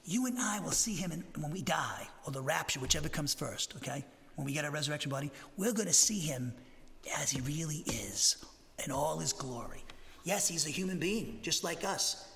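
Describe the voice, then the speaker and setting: A male pastor from New teaching a Bible lesson, animated and conversational, with jokey asides and frequent "okay?". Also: on the high side, brisk, gravelly, a little hiss or hum. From Massachusetts, USA. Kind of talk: expository Bible teaching sermon. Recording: roomy hall reverb.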